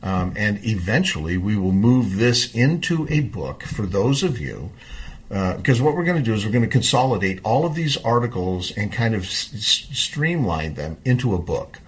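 A middle-aged man with a husky, slightly low voice, hosting his own show. He talks loosely and thinks aloud, restarting sentences and correcting himself as he goes. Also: sing-song, moderate pace. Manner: rambling, with restarts and self-corrections. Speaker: host of a civic podcast. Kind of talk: casual monologue.

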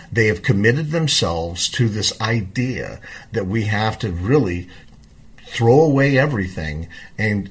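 Husky-voiced man in a rambling monologue. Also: medium pitch. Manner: rambling, with restarts and self-corrections. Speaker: host of a civic podcast. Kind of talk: casual monologue.

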